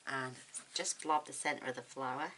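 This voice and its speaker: A woman hosting a card-making tutorial at home, chatting casually and thinking aloud as she works, with quick laughs. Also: very deep voice, fairly even intonation, pushed and bright. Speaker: craft tutorial host. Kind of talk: casual demonstration chat.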